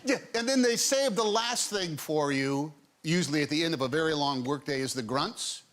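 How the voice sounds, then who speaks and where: Animated male storyteller acting out lines. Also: a little high, normal speed. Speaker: talk show guest, actor. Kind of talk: casual chat.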